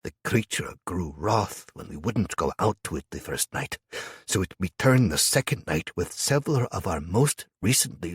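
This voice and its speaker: A grave, gentle older imam in an audiobook, speaking in hushed tones at a very unhurried pace, as a man voices him. The voice is husky and low, with a dry, close sound. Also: dry recording, full character voice.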